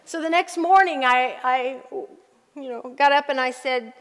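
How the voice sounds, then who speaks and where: A middle-aged woman pastor preaching a sermon, telling family stories with lively asides to the congregation. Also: sits high, measured pace, big-room sound.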